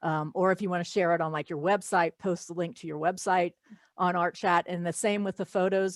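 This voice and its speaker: A woman's voice: lowish voice, no room sound. A woman hosting an art podcast, chatting casually and giving friendly tips to her listeners as she wraps up. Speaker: podcast host. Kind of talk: casual chat.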